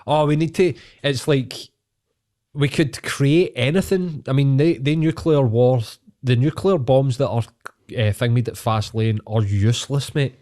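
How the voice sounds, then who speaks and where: A man's voice: medium pitch, a little slow, warm tone. Ranting Scottish man. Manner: ranting, heavy swearing. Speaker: podcast co-host. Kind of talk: casual chat.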